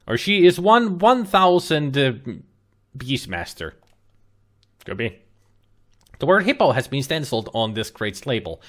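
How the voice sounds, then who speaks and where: A man hosting a let's play, reading out game text and adding dry joking asides. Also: mid-range voice.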